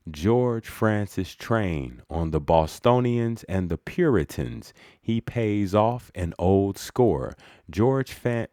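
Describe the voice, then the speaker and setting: Slow, deep-voiced man reading with dry asides. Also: darkish tone, dry recording. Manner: dry, wry asides between quoted passages. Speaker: reader. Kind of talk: reading an old speech aloud with asides.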